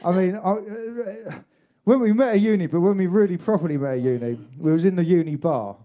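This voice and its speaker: A man's voice: high-pitched, fairly quick, mellow. A young man, a saxophonist co-hosting a livestream, telling a story in chatty, laddish banter. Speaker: saxophonist and co-host. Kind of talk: casual livestream chat and storytelling.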